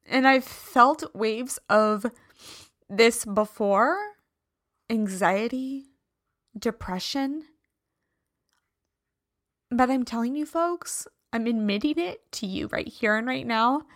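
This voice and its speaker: A woman's voice: a little high, slow, pauses often, a bit bright, no echo, clean studio sound. A woman hosting a podcast, telling a personal story in a candid, emphatic, confessional way. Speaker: podcast host.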